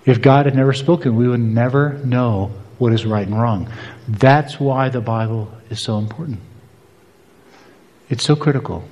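A man's voice: mid-range voice, a little mellow, in a large hall. A man preaching a sermon, telling a personal story and acting out both sides of a conversation.

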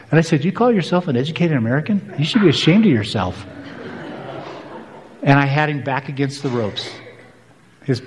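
A man's voice: mid-range voice, darkish tone, long reverb tail. A man preaching a sermon, telling a personal story and acting out both sides of a conversation.

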